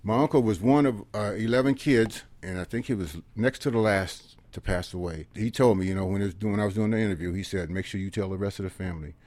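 A veteran man in his seventies tells his stories in an earnest, folksy way, slipping into quiet asides. His voice sits low and is close and dry, with no room sound around it. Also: fast talker, hardly any pauses, dry recording. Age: 70s. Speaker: guest, veteran and organizer of a history project. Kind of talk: conversational storytelling.

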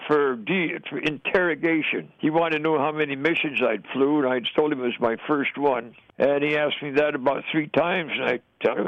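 A man's voice: on the high side, fairly quick, hardly any pauses, no echo, narrow, tinny audio. An older man from the United States, a veteran telling his own stories in an interview with plain, folksy talk and chuckles. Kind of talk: oral history storytelling.

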